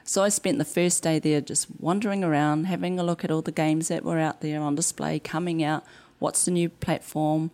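NZ-accented woman, low pitch, game developer guest, lively storyteller acting out quotes. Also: brisk. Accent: New Zealand. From New Zealand. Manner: animated storyteller acting out quotes, laughs easily. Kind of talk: conversational interview.

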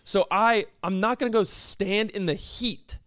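A young man with a high, bright-pitched voice tells a story on a casual podcast. He is animated and indignant and fires off quick rhetorical questions. The sound is close and completely dry. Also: no room sound. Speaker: podcast host.

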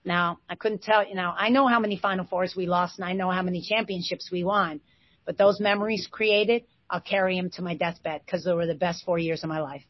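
A woman in her forties, a former basketball player, telling stories as an interview guest with lively bursts of excitement. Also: lowish voice, brisk, no room sound. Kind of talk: animated storytelling. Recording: dull, slightly lo-fi sound.

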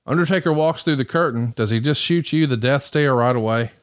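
A man hosts a casual podcast, running through results at a steady clip. His voice sits in a middle range, with a dry, wry edge. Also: medium pitch. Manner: brisk, rundown of match results with wry asides. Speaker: podcast host. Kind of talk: casual wrestling recap commentary.

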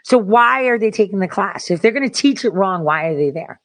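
A woman's voice: medium pitch, animated, brisk, no echo. A woman talking straight to her viewers in a blunt, profane rant, full of restarts and repeated words. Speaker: parent speaking to viewers. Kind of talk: casual monologue to viewers.

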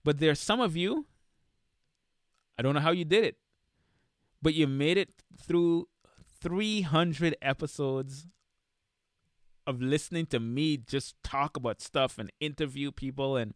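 A man hosting his own podcast, talking casually and heartfelt, slowing down and growing emotional as he thanks listeners, then hyping himself back up. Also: a little high, no room sound, clean studio sound. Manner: heartfelt, slows down softly when grateful, then hypes himself up. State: getting emotional. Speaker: podcast host. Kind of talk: casual solo podcast talk.

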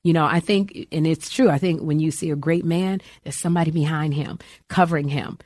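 This guest, a middle-aged actress and comic, has a low-sitting voice and speaks a little fast with no room sound. Chatting in a lively interview, she tells stories with animation and plays out the quoted voices.

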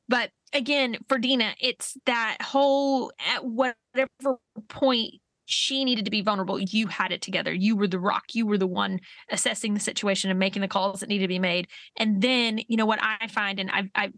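A woman in her forties co-hosting a podcast, telling stories in a lively way and laughing as she talks. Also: mid-range voice, dry recording, clean studio sound. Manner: animated storyteller, laughs through her telling. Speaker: podcast co-host. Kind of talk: casual chat.

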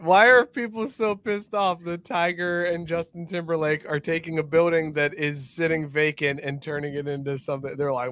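A young man co-hosting a casual sports podcast, loud and joking, goading his friends. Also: a little high, level tone, normal speed, few pauses, no room sound, studio quality. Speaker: podcast co-host.

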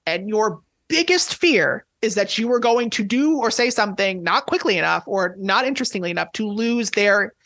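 A man who is a tennis journalist, chatting as a podcast guest, talking quickly and excitably with lots of restarts. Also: high-pitched, no room sound. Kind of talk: casual podcast chat.

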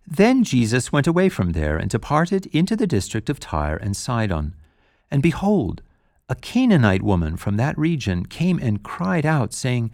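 Gravelly-voiced man reading scripture. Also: on the low side, big pitch swings, moderate pace, dry recording, studio quality. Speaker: scripture reader.

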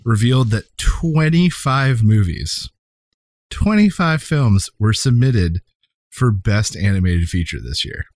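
An easygoing man co-hosting a podcast, presenting a news segment and reading off a list of titles. His voice sits somewhat low. The recording is dry and close. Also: expressive, slow, darkish tone, dry recording. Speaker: podcast co-host. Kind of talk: casual chat, news segment.

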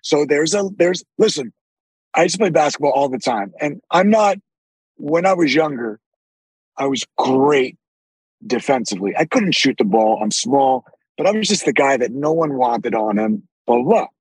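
A man with a deep, raspy voice, telling animated stories with frequent swearing as a podcast guest. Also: moderate pace, no echo, poor audio. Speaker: actor guest. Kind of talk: casual podcast interview.

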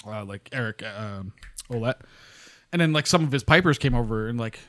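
A podcast co-host chats casually, rambling with plenty of fillers and laughing along. His voice sits at a medium pitch with lively intonation and a fairly bright tone, and he talks at a moderate pace.

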